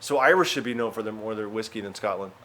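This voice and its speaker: A male comedian from Arkansas, telling travel stories in casual, animated vlog narration. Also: on the low side, quick pace, slight background noise. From Arkansas, USA. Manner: chatty, animated storytelling with filler words.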